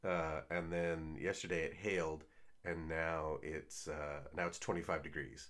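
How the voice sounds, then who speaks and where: A man co-hosting a casual podcast, joking and sarcastic, often trailing off quietly. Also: a bass voice, level tone, a little slow. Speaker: co-host.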